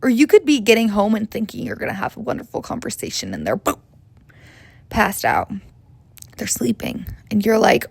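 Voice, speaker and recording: A woman's voice: a little high, huge pitch swings, moderate pace, creaky, husky, dry recording. A young woman in her twenties hosting a comedic podcast, talking in a chatty, rambling, profane and self-mocking way. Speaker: podcast host. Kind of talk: comedic casual monologue.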